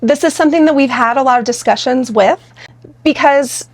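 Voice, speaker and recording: In casual, conversational podcast talk, a woman co-host with a high voice speaks fairly quickly. She explains her points directly and walks through examples.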